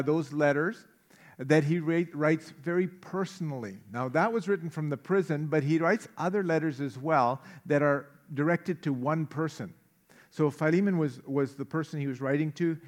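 A middle-aged man delivers a Sunday sermon in a fairly high voice. He preaches conversationally, mixing scripture with light jokes and personal asides, often pausing on fillers. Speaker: pastor.

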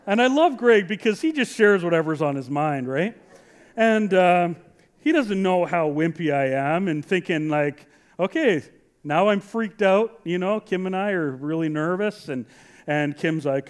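A man's voice: a little high, animated, unhurried, clean tone. A middle-aged man preaching a sermon in a chatty way, full of restarts and rhetorical questions. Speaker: pastor.

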